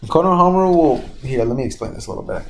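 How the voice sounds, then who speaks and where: A young man with a gravelly, mid-range voice speaks very fast and animatedly as he casually retells a made-up fan story. He rambles, pauses to recall names, corrects himself, swears freely, and laughs at his own slips.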